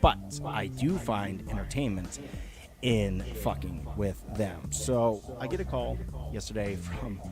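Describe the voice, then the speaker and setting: A man hosting a casual live chat, telling stories in an animated way and swearing freely. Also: on the low side, unhurried, music in the background. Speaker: show host.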